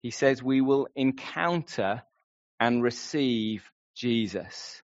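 A man's voice: medium pitch, takes it slowly, no room sound. A man preaching a sermon in an earnest way, often putting questions straight to his listeners. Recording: slightly dull lo-fi sound.

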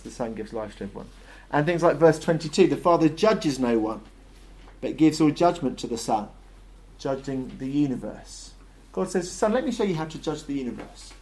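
A man's voice: medium pitch, a little mellow. Conversational male preacher. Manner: conversational, acts out short voiced dialogues. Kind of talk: sermon.

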